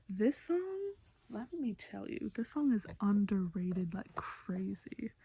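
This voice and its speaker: A woman's voice: medium pitch, vocal fry, darkish tone, slightly rough, no echo. A woman vlogger talking casually through a song breakdown, chatty and gushing like an eager fan, with many fillers. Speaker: music vlogger.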